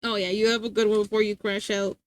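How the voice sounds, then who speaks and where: A young American woman streaming live, chatting casually with viewers in an animated, rambling way and laughing often. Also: mid-range voice, fast talker, no room sound. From United States. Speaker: livestreamer.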